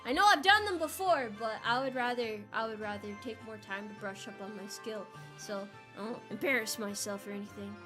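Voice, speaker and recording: A young adult woman, a VTuber streamer, chatting casually with her viewers, animated and flustered, laughing often and repeating words when worked up. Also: fairly high pitch, a little fast, few pauses, over music. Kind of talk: casual livestream chat.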